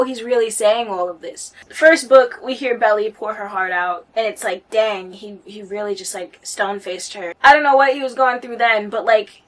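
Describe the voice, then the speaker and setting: A woman reviewing a book in a casual vlog, gushing and excitable, using lots of slang. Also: a little high.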